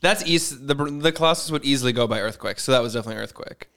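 Smooth voiced guy cohosting a chatty podcast, jokey, laughs a lot, trails off. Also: mid-range voice, racing, pushed and bright. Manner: jokey, laughs often, trails off mid-sentence. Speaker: podcast co-host. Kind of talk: casual chat.

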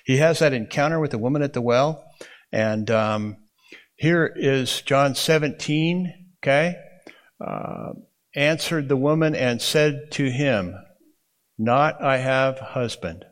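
A man's voice: mid-range voice, expressive, takes it slowly. A man teaching a Bible interpretation class, explaining in a folksy way and often checking in with the room. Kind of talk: classroom lecture.

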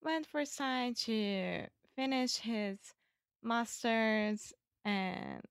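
A woman's voice: fairly high pitch, very slow, vocal fry, clean tone, no room sound, studio quality. A woman with a Brazilian Portuguese accent telling a story in English as a student, hesitant and searching for her words. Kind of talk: casual storytelling.

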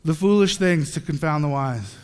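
A man preaching a sermon in an animated, joking way, acting out little scenes as he goes. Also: on the high side, moderate pace, clear, resonant tone, in a large hall.

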